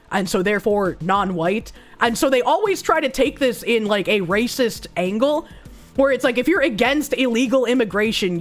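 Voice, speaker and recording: A woman streamer reading news aloud and reacting to it in a blunt, profane, sarcastic way, thanking chat for subs between rants. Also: mid-range voice.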